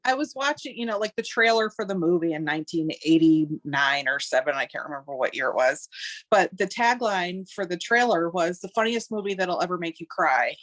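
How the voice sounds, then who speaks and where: A woman actor tells wry, animated stories about home life and rehearsals in a casual interview. Her voice sits somewhat low. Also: a little fast, no echo. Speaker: stage actor.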